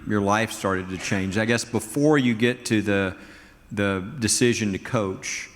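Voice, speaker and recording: A man's voice: lowish voice, a little slow. A man hosting an interview, prompting his guest with casual, conversational questions. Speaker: interview host. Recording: hall reverb.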